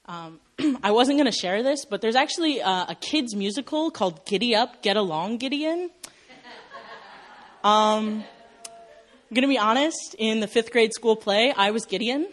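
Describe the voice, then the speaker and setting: Lively young woman preaching a sermon. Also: a little high, normal speed. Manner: lively storytelling, acts out quotes, laughs at herself.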